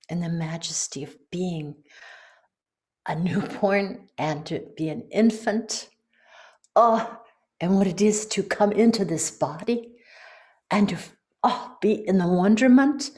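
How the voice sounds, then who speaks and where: A woman leading a guided meditation in a soft voice that drifts into whispers. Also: fairly low pitch. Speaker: ceremony leader.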